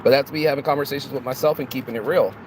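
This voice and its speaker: A man delivers a loose motivational monologue at a middle pitch, full of rhetorical questions and restarts. His voice is recorded outdoors, with clear traffic noise behind him. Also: steady tone, racing. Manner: preachy, rhetorical questions, repeats and restarts words. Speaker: motivational vlogger.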